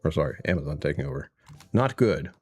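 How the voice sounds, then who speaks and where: A man's voice: rumbling low, lively intonation, fast, breathy edge. A man hosting his own live stream in casual, rambling chat, chuckling often and greeting viewers by name from his home computer.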